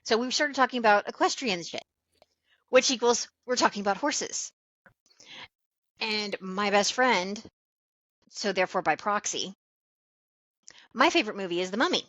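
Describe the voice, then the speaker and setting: A woman's voice: mid-range voice, animated, normal speed, pauses often, fairly bright tone, no room sound. Profane storytelling woman on a dull recording. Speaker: podcast co-host. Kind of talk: casual chat.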